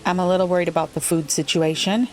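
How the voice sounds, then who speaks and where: A woman playing a city-builder game, thinking aloud and puzzling over it, her voice a little rough today. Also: lowish voice, little pitch movement, fast. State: slightly rough voice. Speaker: let's play gamer. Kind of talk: relaxed gameplay commentary.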